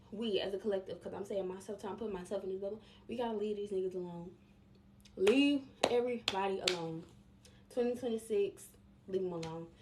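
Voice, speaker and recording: Young woman, slightly high voice, casual and emphatic storytime vlogger. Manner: chatty and emphatic, addresses viewers directly.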